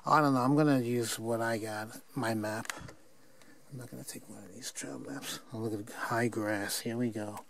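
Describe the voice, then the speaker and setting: A man's voice: mid-range voice, steady tone, moderate pace, gravelly, a bit bright. An older man filming himself on a forest trail, rambling and chuckling at himself in a casual hiking vlog. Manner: rambling, self-mocking, chuckling. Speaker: hiker filming his hike. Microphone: handheld camera mic.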